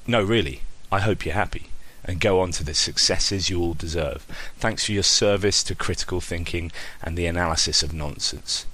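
A man's voice: low voice, normal speed, hardly any pauses, bright, forceful tone, a little hiss or hum. A man reading out a farewell message to the show, wry and sarcastic. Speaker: listener leaving a message.

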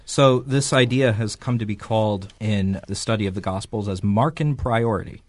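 Low-voiced man explaining on a podcast. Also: no room sound. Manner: measured, lecturing explanations. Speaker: podcast host.

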